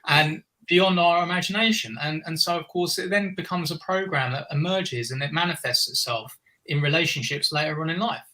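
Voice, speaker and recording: Male interview guest, bright timbre, earnest, looping reflective talk with frequent restarts. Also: fairly high pitch, a little fast, rough recording. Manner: earnest, meandering, many restarts. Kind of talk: reflective conversation.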